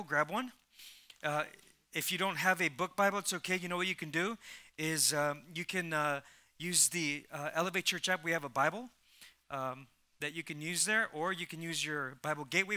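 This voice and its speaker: A man preaching an energetic sermon to a church congregation, prompting the crowd to repeat lines and often restarting his words, swinging from soft asides to loud calls. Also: fairly high pitch. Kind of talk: energetic sermon with call and response. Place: church service before a congregation.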